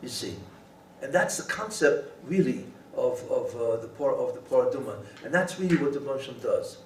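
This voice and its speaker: Animated man teaching in an echoey room. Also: medium pitch, moderate pace. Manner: animated, rhetorical, often asks and answers his own questions. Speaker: rabbi teaching Torah. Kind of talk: Torah lecture. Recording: echoey room, voice from a distance, faint hiss.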